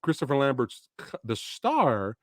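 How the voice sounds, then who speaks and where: A man's voice: mid-range voice, measured pace, no echo. Guy hosting a movie review stream, swears a lot, laughs a ton, voice jumps all over, dry sound. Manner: profane, excitable, laughs often, rants. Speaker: host of a movie review channel. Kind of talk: casual spoiler review chat on a stream.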